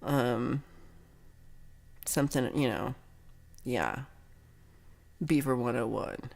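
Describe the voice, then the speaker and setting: A woman's voice: very deep voice, slow, vocal fry, darkish tone. A woman hosting a casual livestream chat, reading viewer comments aloud and reacting with giggles and chatty asides. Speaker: livestream host.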